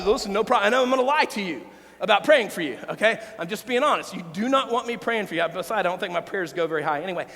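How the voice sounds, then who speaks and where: A man's voice: high-pitched, a bit bright, big-room sound. A man preaching a sermon as pastor, candid and emotional, sharing personal stories with his congregation.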